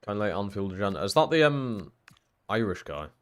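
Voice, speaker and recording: A young man streaming a football career game, chatting casually and swearing freely, jumping into loud excited shouts at big moments. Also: fairly low pitch, fairly quick, smooth. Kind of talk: live-streamed gameplay commentary.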